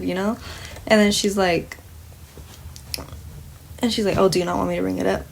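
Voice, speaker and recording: A woman's voice: medium pitch, animated, normal speed, gravelly, pauses often, slight background noise. A young woman casually telling a work story while doing her makeup, blunt and full of swearing, acting out the dialogue. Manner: blunt, expletive-laden, indignant retelling with quoted dialogue.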